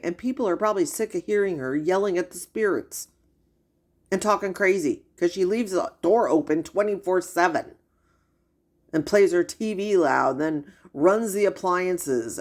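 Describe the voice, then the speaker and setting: A woman's voice: fairly low pitch, a little mellow. A middle-aged woman giving gossipy reaction commentary, incredulous and chatty. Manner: incredulous and gossipy, with frequent sighs and laughs. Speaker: commentary streamer.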